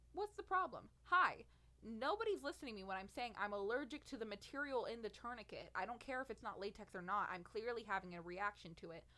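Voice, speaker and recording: A woman's voice: medium pitch, fairly bright tone. A nineteen-year-old woman telling a personal story on her podcast, venting in an exasperated, sarcastic way. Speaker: podcast host.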